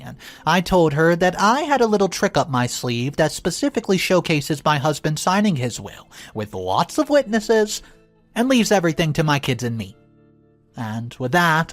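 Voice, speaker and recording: A man narrating a first-person story aloud in an expressive, animated way. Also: fairly high pitch.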